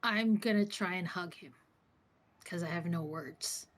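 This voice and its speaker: A woman's voice: lowish voice, measured pace. A woman playing a tabletop role-playing game, talking in character in a hesitant, stammering way. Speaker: player.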